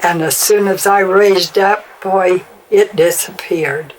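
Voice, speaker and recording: An older woman, a mother, telling family stories in a halting way that trails off. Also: mid-range voice, fairly even intonation, poor audio. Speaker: mother recalling family memories. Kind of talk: casual family storytelling.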